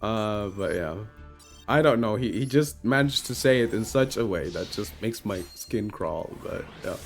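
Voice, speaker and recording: A man giving casual, rambling commentary while he streams a card game, his pitch swooping up and down as he mocks his own bad luck. Soft music plays faintly underneath him. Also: unhurried. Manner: animated, self-mocking, rambling with many "like"s.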